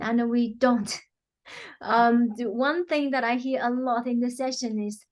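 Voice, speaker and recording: Brief: woman healer explaining her practice, earnest, slightly higher pitch, loose filler-heavy phrasing. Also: fairly even intonation, unhurried. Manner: earnest, many "you know" fillers, acts out quotes. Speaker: quantum healing practitioner, guest. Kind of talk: explanatory interview talk.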